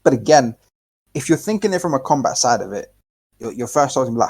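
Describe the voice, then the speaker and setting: A man co-hosting a laid-back podcast, talking in a loose, rambling way with lots of false starts and the odd swear word. His voice sits at an ordinary middle pitch and he gets animated as he goes. It's plain, unforced chat. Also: fast talker, breathy edge. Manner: rambling, animated, swears freely, frequent restarts. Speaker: podcast co-host. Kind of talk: casual chat.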